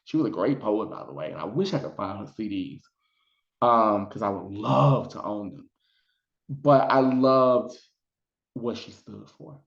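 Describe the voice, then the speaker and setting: A man's voice: on the low side, animated, measured pace, gravelly. A man chatting casually in a video review, retelling scenes with lots of fillers. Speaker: psychic vlogger reviewing a documentary. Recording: roomy, dull lo-fi sound.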